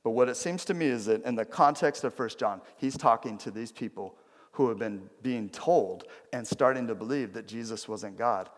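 A man's voice: mid-range voice, normal speed, in a large hall. A man preaching a conversational sermon, asking his listeners direct questions. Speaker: pastor.

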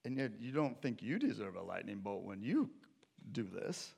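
A male pastor preaching a sermon in a conversational way, moving between loud urgency and quiet intensity. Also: on the low side, sing-song, normal speed, creaky, husky.

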